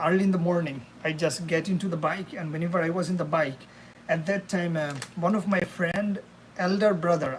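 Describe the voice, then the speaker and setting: This high-voiced young man chats loosely with his live-stream audience as he cooks at home, tossing out "bro" and "man." A faint hiss or hum runs under the recording.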